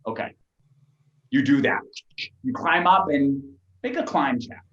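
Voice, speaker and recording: A man narrating a tabletop game as game master, with lively delivery and frequent restarts. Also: medium pitch, measured pace, echoey room, muffled recording.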